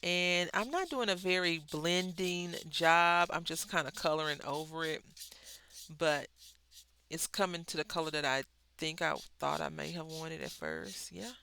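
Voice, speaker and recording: Bright, crisp, rambling coloring vlogger. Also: medium pitch, lively intonation, a little slow. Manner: rambling, self-correcting, gently encouraging. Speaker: coloring channel host. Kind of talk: casual chat while coloring.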